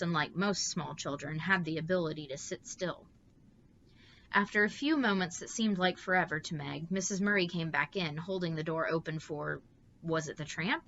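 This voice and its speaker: A woman reads a bedtime story aloud, steady and expressive. Her voice sits a little low yet sounds bright. The audio is slightly dull, with a faint hiss behind it.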